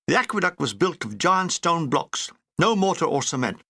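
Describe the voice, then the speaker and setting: A man's voice: fairly high pitch, sing-song, normal speed, sharp tone, dry recording. A man reading a comic war memoir aloud with dry, wry storytelling. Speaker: audiobook reader.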